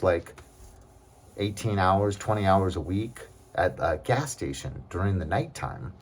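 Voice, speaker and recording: A man with a somewhat low, husky voice talks straight to the camera in a loose, casual monologue. He rambles and drifts into asides, filling pauses with "um" while he airs his grievances. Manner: rambling, aggrieved, with many fillers and digressions. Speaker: vlogger.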